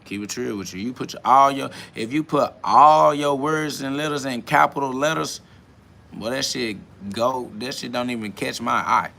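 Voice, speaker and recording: Young man, podcast host, slangy and profane, rambling livestream talk, crisp edge, gravelly fry. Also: medium pitch, normal speed, pushed and bright. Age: 20s. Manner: rambling, slangy and profane, with frequent "you feel me" fillers. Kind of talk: casual livestream monologue reading chat.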